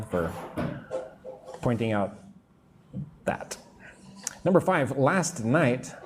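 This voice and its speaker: A man's voice: medium pitch, noisy background. A man teaching English in a live online lesson, explaining grammar step by step and answering viewer comments. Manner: drawn-out, patient teacher delivery.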